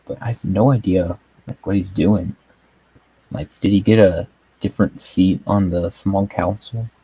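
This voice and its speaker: Guy reviewing a show, slow and kinda husky, chuckles a lot, dry sound. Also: fairly low pitch, dark tone, no echo, poor audio. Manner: rambling, chuckles often, many fillers. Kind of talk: casual video review chat.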